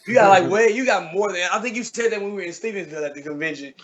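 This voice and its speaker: A man from Texas, a podcast guest, plugging his show in a relaxed, joking way. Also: high-pitched, rapid-fire, a loud crowd. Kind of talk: casual podcast chat.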